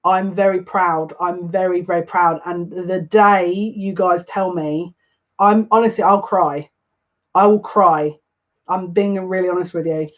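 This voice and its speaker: A tarot reader from the United Kingdom gives a collective reading, overwhelmed and emotional, often breathless and starting sentences over. The voice is mid-range, steady in tone, and a little slow, in slightly muffled lo-fi audio.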